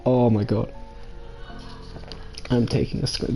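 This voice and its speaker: A man's voice: mid-range voice, moderate pace, warm tone, faint music behind. Emotional young man playing a game. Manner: emotional, swears casually, repeats himself. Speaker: gaming channel host. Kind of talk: emotional let's play commentary.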